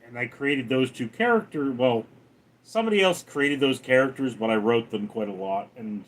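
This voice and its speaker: A man hosting a casual livestream, reading viewer comments aloud in a raised voice and answering them lower and faster. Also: lively intonation. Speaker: livestream host.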